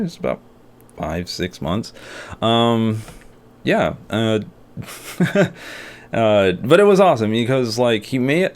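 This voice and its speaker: A young man telling a story in a casual vlog, rambling with many fillers and restarts. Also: on the low side. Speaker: artist and video creator.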